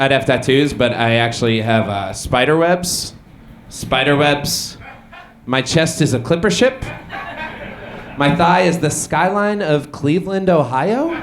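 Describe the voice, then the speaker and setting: A young man doing a deadpan observational stand-up comedy set on a small bar stage, with some crowd work. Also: a little high, a little hiss or hum. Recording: echoey bar room with ambience.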